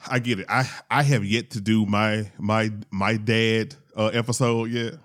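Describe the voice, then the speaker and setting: Male podcast co-host, low pitch, casual and halting. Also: little pitch movement, a bit bright. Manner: halting, repeats words, frequent brief agreements. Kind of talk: casual chat.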